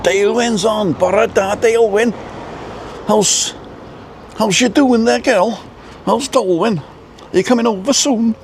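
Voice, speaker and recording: A man doing a high, sing-song Welsh accent to imitate a friendly Welsh friend greeting a woman. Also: slow pace, pauses often, a little hiss or hum. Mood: cheery.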